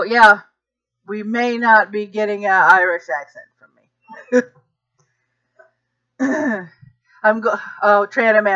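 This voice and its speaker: A woman's voice: fairly high pitch, bright, forceful tone, lo-fi sound. A woman from Georgia hosting a casual livestream chat, chatty and laughing often. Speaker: podcast host.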